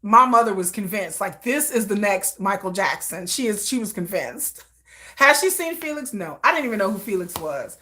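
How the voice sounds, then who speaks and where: A woman hosting a livestream, chatting casually and telling animated personal stories, acting out quotes and laughing often. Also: mid-range voice, normal speed. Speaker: livestream host. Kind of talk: casual chat.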